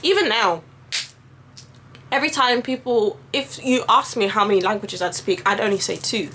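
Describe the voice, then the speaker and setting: Young woman, native French speaker, casual rambling vlog storyteller, lively and expressive, plays out her quoted voices. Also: medium pitch, moderate pace, husky. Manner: animated, swears freely, acts out quoted voices. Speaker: vlogger.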